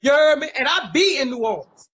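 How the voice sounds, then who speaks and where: A man's voice: extremely high pitch, lively intonation, brisk, a bit bright, low-quality recording. A man with a Washington, D.C. accent, speaking emphatically as an interview guest, repeating phrases and using heavy street slang. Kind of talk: casual interview talk.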